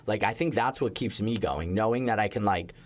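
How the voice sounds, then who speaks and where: A young man with a fairly low voice talks shop as a chef, loose and animated. He fills his sentences with "like" and lets a curse word slip now and then. The tone is relaxed interview chat. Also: brisk. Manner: animated storytelling, heavy use of "like", occasional swearing. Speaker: chef and restaurateur guest.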